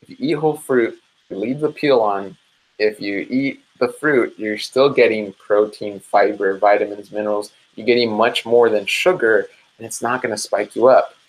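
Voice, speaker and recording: A man's voice: fairly low pitch, normal speed, poor audio. A man in his twenties or thirties hosting a live diet support session, talking casually and energetically and calling viewers "guys". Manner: mimics listeners in animated quoted asides. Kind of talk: casual live-stream advice talk.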